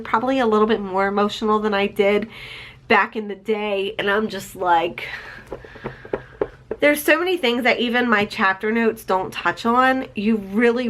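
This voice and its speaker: A woman's voice: medium pitch, fairly bright tone, a little hiss or hum. A woman in her forties reviewing a favorite novel in a casual vlog, reading from her chapter notes and gushing emotionally, with the odd swear word. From United States. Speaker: book vlogger.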